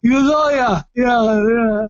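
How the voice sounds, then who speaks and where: Loud high-pitched man. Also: slow pace, dry recording, dull audio. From Massachusetts. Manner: loud, excitable, often shouting, with frequent restarts and repeats. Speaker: retired heavyweight boxer, guest. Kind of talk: casual storytelling interview.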